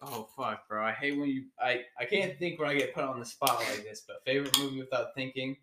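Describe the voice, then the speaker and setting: A young man co-hosting a casual podcast chat, excitable and swearing freely as he blurts out his thoughts. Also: medium pitch, a little fast, background noise. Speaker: podcast co-host. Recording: echoey room.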